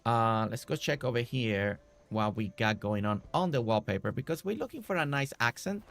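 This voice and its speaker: A man's voice: medium pitch, animated, normal speed, vocal fry, a bit bright, soft background music. A man streaming a building game, chatting casually and talking to the characters on screen. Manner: chatty, talks to game characters, repeats himself. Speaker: gaming streamer.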